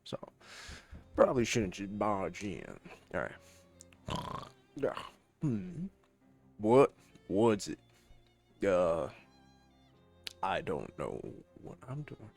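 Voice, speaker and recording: A low, gravelly man talks slowly through a video game, putting on a loose cowboy drawl as he reads its text aloud. His pitch swings widely as he jokes to himself, and faint game music plays behind him. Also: big pitch swings, a little mellow. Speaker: game streamer. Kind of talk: casual let's-play commentary.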